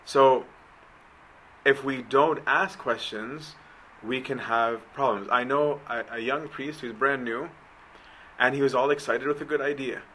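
A man's voice: mid-range voice, fairly even intonation, unhurried, sharp tone, slight background noise, poor audio. A man giving a conversational sermon, often checking in with his listeners. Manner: conversational, keeps asking right?. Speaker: preacher.

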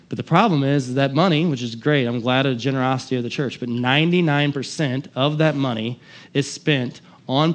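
A man preaching a sermon as pastor, impassioned, swinging from loud emphatic lines to quiet asides. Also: mid-range voice, lo-fi sound.

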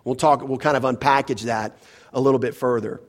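A pastor preaching an expository sermon to his congregation, emphatic and full of rhetorical questions, often dropping to a softer voice. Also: medium pitch, steady tone, brisk. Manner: emphatic, rhetorical questions, drops to soft asides.

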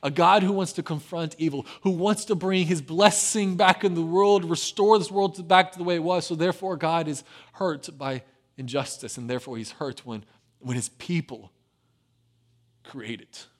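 A man delivers a sermon as a storyteller, with a voice pitched a little on the high side. He punches key phrases with energy and then sinks into quiet, low, intimate stretches. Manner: swings between lively emphasis and hushed low delivery. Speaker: pastor. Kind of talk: sermon retelling a scripture story.

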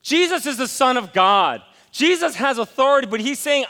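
A man's voice: extremely high pitch, expressive, moderate pace, sharp tone, in a large hall. A male pastor preaching a sermon in a church, pressing his point with direct questions to the congregation. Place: church sanctuary.

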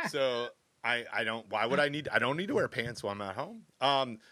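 A man's voice: mid-range voice, animated, moderate pace, pushed and bright, no room sound. A man co-hosting a podcast from his home office, chatting playfully and rambling with jokes. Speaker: podcast co-host. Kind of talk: casual chat. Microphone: held close to the mouth.

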